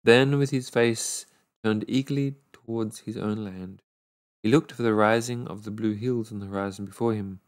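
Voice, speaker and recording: Low-voiced man reading a storybook aloud. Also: steady tone. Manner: unhurried, stumbles and corrects words. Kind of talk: read-aloud storybook narration.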